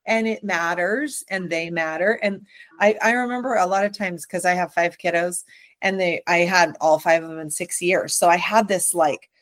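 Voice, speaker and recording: A middle-aged woman host and mother of five, talking in an animated, quick, rambling way in casual chat. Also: fairly low pitch, no room sound.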